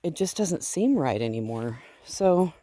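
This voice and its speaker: Chatty woman with a mellow voice, outdoors. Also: low-pitched, sing-song, measured pace, dry recording. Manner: chatty and affectionate, rambling with fillers. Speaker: fiber farm owner raising sheep. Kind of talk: casual vlog chat while walking. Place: outdoors on a farm among sheep.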